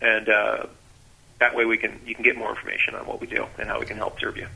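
A man with a lowish, gravelly voice talks quickly over a low-quality recording. He's a sales trainer appearing as a radio guest, explaining things with energy and acting out snippets of sales dialogue in an animated way.

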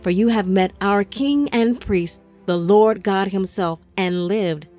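A woman voicing a stern elderly male king and priest, speaking slowly and gravely in a storybook reading. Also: medium pitch, darkish tone, faint music behind, lightly acted. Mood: solemn. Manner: slow, grave and measured.

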